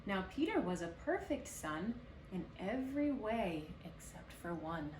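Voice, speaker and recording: A woman baker reading picture books aloud at a children's story hour, expressive and lively. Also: mid-range voice, a little slow, noisy background. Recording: roomy echo, distant mic, faint ambience.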